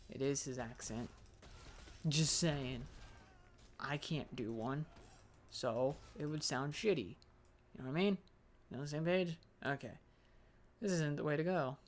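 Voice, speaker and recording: A man's voice: a little high, slight background noise. A young man casually commenting on his own gameplay, rambling and joking to himself as he plays. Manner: rambling, joking self-talk. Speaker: gaming video host. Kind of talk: casual let's-play commentary.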